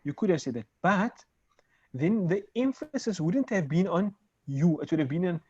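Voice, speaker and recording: A male Arabic teacher leads an online class, patient and methodical, checking in with his students. His voice sits a little high for a man. The sound is dry and dull, like lo-fi call audio. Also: animated, normal speed, a little mellow, slightly rough, no room sound. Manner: patient, explains step by step, checks understanding.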